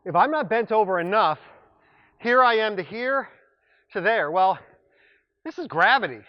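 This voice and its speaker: A man's voice: sits high, animated, moderate pace, dull audio. A man coaching a workout class as its instructor, upbeat and joking, breaking off mid-sentence now and then. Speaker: fitness instructor. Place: exercise room.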